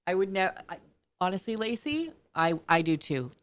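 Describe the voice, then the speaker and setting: A woman's voice: on the low side, sing-song, normal speed, no room sound. A woman, the streamer's partner, chatting casually and earnestly with viewers. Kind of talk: casual livestream chat.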